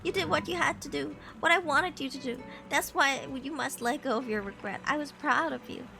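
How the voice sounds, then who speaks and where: A loving ghostly mother in a video game, her high voice carrying a gravelly rasp. She speaks softly and tenderly, soothing her child, with a clear music bed playing behind her. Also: fairly quick. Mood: reassuring. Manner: soft, tender, reassuring. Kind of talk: game voice acting.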